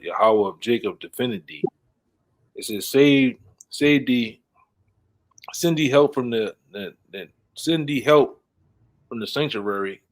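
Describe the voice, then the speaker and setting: A man reading scripture aloud haltingly, stumbling and restarting words. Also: mid-range voice. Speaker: scripture reader.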